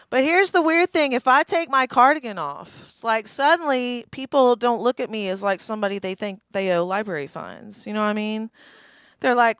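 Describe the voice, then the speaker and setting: A woman's voice: medium pitch, fairly bright tone, clear, resonant tone, dry recording. A woman in her forties performing a stand-up comedy set, wry and self-deprecating, often laughing at her own jokes. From East Tennessee. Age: 40s. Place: small live comedy venue.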